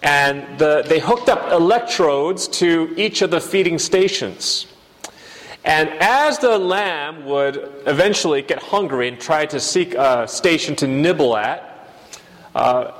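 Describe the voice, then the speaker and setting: A man preaching a sermon, telling a story in an animated way and then putting questions to the room. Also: fairly high pitch, in a large hall. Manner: animated storyteller, bleats like a lamb.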